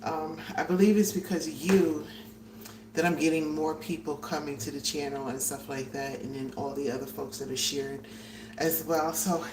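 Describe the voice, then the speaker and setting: Low and steady at a normal speed, this woman's voice carries a relaxed cooking livestream from her own kitchen. She chats away, slightly breathless, welcoming viewers by name and leaning on frequent fillers while she cooks. Her mic picks up a roomy, far-off sound with light hiss.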